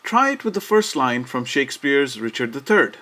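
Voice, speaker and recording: A man's voice: medium pitch, very animated, sharp tone. Man narrating a poetry lesson. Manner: measured, explanatory delivery. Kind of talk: scripted educational narration.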